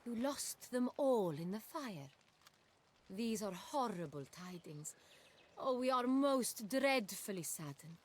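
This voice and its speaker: A regal duchess addresses her subjects in measured, formal tones. Her pitch sits at an everyday middle level and her speech stays composed. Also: lively intonation, slightly rough. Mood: concerned. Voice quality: stately, measured.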